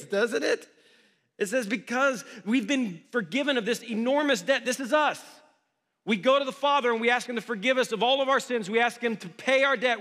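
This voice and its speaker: A man's voice: sits high, a bit bright. Man preaching in a reverberant church. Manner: conversational preaching, rhetorical questions to the congregation. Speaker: pastor. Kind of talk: sermon. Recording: long hall reverb.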